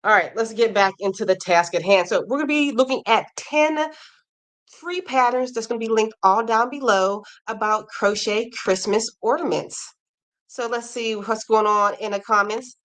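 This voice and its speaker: A woman's voice: fairly high pitch, normal speed, a bit bright. An American woman in her forties, hosting a casual livestream from home and chatting freely, often going off on tangents. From United States. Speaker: livestream host. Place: home with a Christmas tree.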